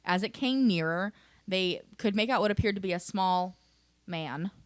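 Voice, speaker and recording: A woman's voice: mid-range voice, moderate pace, clean tone, no room sound. A woman co-hosting a podcast, casually retelling a strange case from her notes with frequent fillers. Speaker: podcast co-host. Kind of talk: casual storytelling chat.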